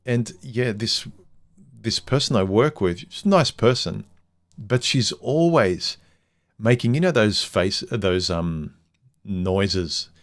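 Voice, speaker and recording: A man with a very low, deep voice talks through a casual livestream monologue. He is candid and blunt, and his thoughts ramble from point to point. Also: expressive, takes it slowly. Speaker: livestream host.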